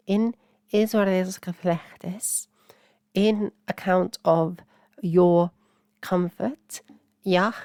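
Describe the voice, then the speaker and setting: A woman's voice: lowish voice, warm tone, no room sound, studio quality. A woman teaching an old language word by word in a patient, explaining manner, with many fillers and self-corrections.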